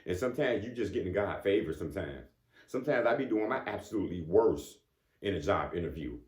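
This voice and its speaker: A man's voice: sits low, lively intonation, quick pace, a little mellow. A man giving a casual motivational talk. He speaks conversationally, keeps asking "you know what I'm saying," and chuckles between points. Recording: echoey room.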